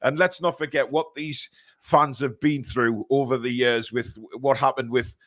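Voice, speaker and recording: A man's voice: medium pitch, steady tone, normal speed, fairly bright tone, no echo, clean studio sound. A man from England hosting a live football fan stream, chatting casually with many fillers and reading out viewer comments.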